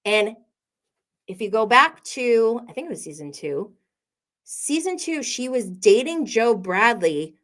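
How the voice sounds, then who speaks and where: A woman's voice: fairly high pitch, a bit bright. An American woman hosting a casual reality TV recap, chatty and opinionated, with frequent fillers and laughter. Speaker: host.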